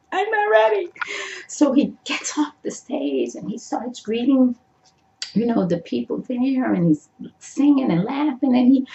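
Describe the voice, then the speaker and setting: A middle-aged woman vlogger telling a personal story in an animated way, acting out her own thoughts and swinging from hushed asides to high exclamations. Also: gravelly. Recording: echoey room, dull lo-fi sound.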